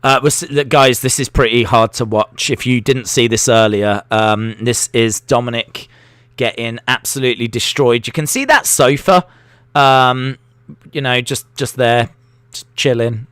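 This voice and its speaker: A man's voice: medium pitch, unhurried, a bit bright, smooth, dry recording. A man hosting a live wrestling watch-along, chatty and jokey, reacting aloud as he goes. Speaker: live stream host.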